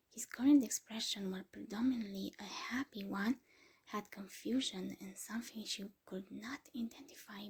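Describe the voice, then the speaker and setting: A woman reading a story aloud in a soft, slow whisper, as whispered role-play narration. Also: medium pitch. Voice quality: breathy whisper.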